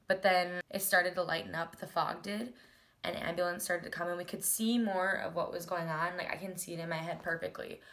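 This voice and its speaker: Bright-voiced young woman telling a storytime. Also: fairly low pitch, fairly even intonation, fairly quick, gravelly. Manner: chatty, many "like"s, acts out quoted dialogue. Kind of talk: casual personal storytime.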